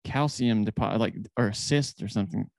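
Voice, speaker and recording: A man's voice: lowish voice, moderate pace, vocal fry, dry recording, clean studio sound. A man in casual chat, easygoing and curious, asking questions and reacting.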